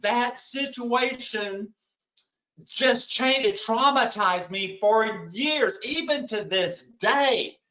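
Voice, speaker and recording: A man's voice: very high voice, takes it slowly, pushed and bright, reverberant, dull audio. A man giving a keynote talk, telling a humorous story with self-deprecating asides to his audience. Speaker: keynote speaker.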